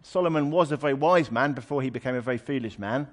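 A man's voice: medium pitch, fast. Man preaching a conversational sermon. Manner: conversational, explanatory, with wry asides.

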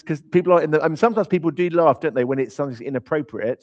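A man's voice: fairly high pitch, lively intonation, fast talker, hardly any pauses, a little mellow. A man preaching in an informal, conversational way. He is emphatic and drops in humorous asides. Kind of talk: conversational sermon. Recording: slightly dull, lo-fi sound.

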